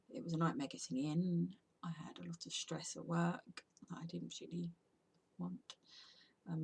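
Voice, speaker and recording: A woman's voice: on the low side, creaky, darkish tone, husky. A tired woman, chatting casually to camera in an unscripted home vlog, rambling and sometimes dropping to a whisper. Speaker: vlogger and podcaster.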